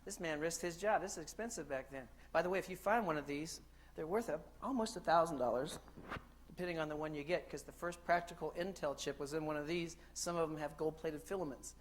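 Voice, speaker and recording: A man's voice: on the high side, a little fast, a little hiss or hum. Joking man giving a keynote talk. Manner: lively, joking storyteller who asks the crowd questions. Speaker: keynote speaker. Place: conference hall stage.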